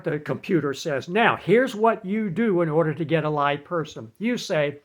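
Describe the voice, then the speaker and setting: A man giving casual advice in an animated, chatty way, laughing at his own jokes. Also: fairly high pitch, normal speed. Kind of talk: casual talk to camera.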